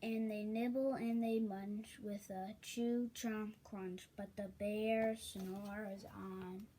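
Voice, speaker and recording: A woman reading a children's picture book aloud, unhurried, with chatty asides to listeners. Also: mid-range voice, level tone, background noise. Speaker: story reader.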